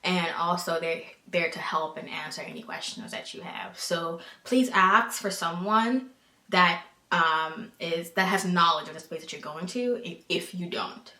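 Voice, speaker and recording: A woman's voice: lowish voice, a little slow, pushed and bright. American woman, podcast host, blunt and cursing, exasperated rants, echoey room. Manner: blunt, profane, exasperated ranting. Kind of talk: frank advice talk.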